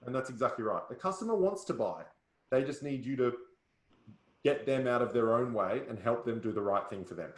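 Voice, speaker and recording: A man's voice: mid-range voice, lively intonation, fairly quick. A man coaching a sales workshop in a punchy way, often checking that listeners follow. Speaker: sales trainer. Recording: roomy echo.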